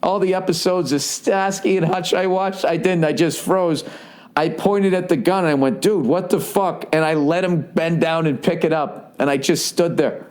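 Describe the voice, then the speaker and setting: A man in his forties hosting a solo comedy podcast, telling stories in a profane, rambling way, with many "right?" asides and quick mocking impressions. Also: steady tone, darkish tone. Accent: Boston. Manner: slips into mocking impressions with jumps in pitch. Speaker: podcast host.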